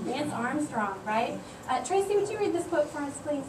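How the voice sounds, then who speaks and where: A woman, leading a motivational workshop for a class and telling stories in a lively, animated way. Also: high voice, normal speed, background noise. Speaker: workplace trainer. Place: meeting room with a live class. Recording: echoey room, mic far off.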